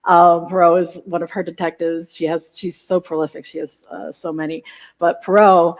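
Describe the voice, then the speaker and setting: A woman's voice: on the low side, little pitch movement, moderate pace. A woman hosting a live stream between songs, chatting in a rambling, enthusiastic way with lots of asides. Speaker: live stream host and singer.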